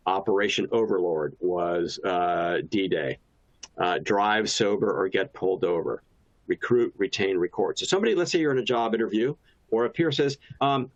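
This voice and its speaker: A man gives a relaxed professional training talk, restarting sentences and sprinkling in personal anecdotes. His voice sits on the low side. The recording sounds dull and lo-fi, like a webinar capture. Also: moderate pace. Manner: casual, anecdotal, frequent restarts and filler. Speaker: presenter.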